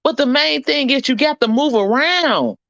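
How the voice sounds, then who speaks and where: A higher-pitched woman with a gravelly edge swings her voice up and down as she preaches a comic motivational talk to her channel, blunt and full of slang. The sound is dull and lo-fi, dry and close with no room around it. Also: lively intonation, normal speed, fairly bright tone, no echo. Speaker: vlogger on her own channel. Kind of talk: motivational live-stream chat.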